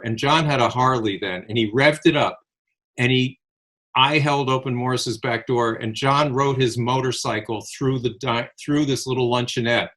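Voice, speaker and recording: An older man from Connecticut telling lively anecdotes in a casual chat and acting out the voices of the people in his stories. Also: medium pitch, normal speed. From Connecticut, USA. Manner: animated anecdotal storyteller, acts out quoted voices. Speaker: podcast co-host. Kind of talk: casual reminiscing storytelling.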